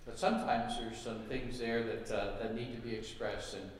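A man's voice: medium pitch, little pitch movement, normal speed, slight background noise. A man speaking as a pastor, making folksy conversational announcements in a church service with frequent fillers. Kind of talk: sermon with announcements. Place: church sanctuary. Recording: echoey hall, mic far off.

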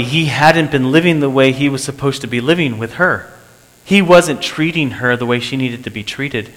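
A man's voice: medium pitch, fairly bright tone. A man preaching and telling of a church meeting, earnest, repeating phrases for emphasis. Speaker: pastor. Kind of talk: sermon testimony. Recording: long hall reverb.

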